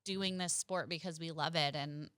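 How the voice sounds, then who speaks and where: Bright, earnest young woman. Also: low voice, steady tone, normal speed, no echo. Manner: earnest, gushing, filler-heavy with "like" and "you know". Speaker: podcast co-host. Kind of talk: casual chat.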